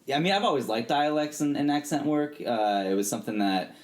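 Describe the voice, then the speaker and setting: A man, an actor guest on a podcast, speaking haltingly with frequent laughs and restarts. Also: medium pitch, lively intonation. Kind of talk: casual podcast chat.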